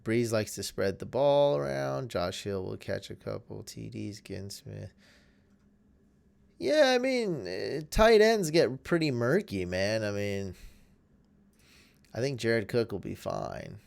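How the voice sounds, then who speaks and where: Man, hoarse, gravelly, lowish voice, casual livestream chatter, close desk mic. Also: sing-song, slow pace, darkish tone. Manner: rambling, self-deprecating, talks to viewers. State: hoarse, losing his voice. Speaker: fantasy football streamer. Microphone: desk mic, at times held close.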